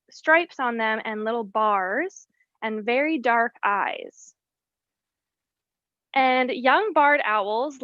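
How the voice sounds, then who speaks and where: A woman, a wildlife educator, giving an explanatory presentation about birds and often pausing on "um". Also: fairly high pitch, a bit bright, dry recording, highs cut off. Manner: explanatory, with frequent ums.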